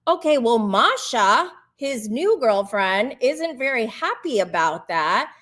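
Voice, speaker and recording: A woman with a slightly high voice recaps reality TV in a slow, drawn-out, chatty way. She is sarcastic and laughs often, mimicking people in mocking squeaky tones. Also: very animated, a bit bright. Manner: laughs often, swears freely. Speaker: host.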